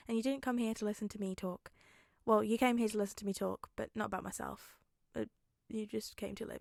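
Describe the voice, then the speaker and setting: Chatty young woman with vocal fry. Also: medium pitch, steady tone, brisk, darkish tone, no echo, clean studio sound. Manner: chatty, self-mocking, drops into whispers. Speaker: podfic reader. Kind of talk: rambling casual chat.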